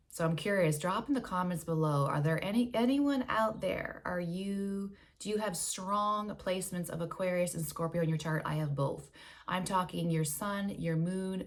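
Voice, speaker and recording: A woman on a casual spiritual vlog who reads oracle cards, talking earnestly and gushingly, stretching out words she wants to savor, laughing softly and sometimes dropping to a whisper. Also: sits low.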